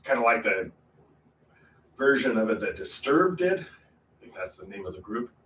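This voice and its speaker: A chatty man talks through his painting stream, rambling from one thought to the next and breaking into sudden louder bursts. He sits well back from the microphone in a roomy, echoing space, with faint ambience behind him. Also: on the low side, very animated, moderate pace, recorded from a distance, slight background noise. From Portland, Oregon area. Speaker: painting livestream host. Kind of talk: casual chat while painting.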